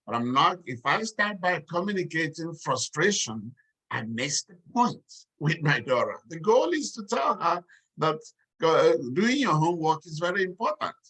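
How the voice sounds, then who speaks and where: Man, lecturer on relationships, bright and forward tone, a bit high, deliberate pacing on key points. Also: sing-song, breathy edge. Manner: measured, slows to stress key points. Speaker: relationship communication teacher. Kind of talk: lecture talk.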